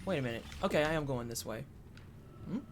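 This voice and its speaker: In a medium-pitched, animated voice, a streamer talks fast while gaming, chatting casually with viewers, thanking supporters, and making playful side comments. There's a little hiss or hum in the audio.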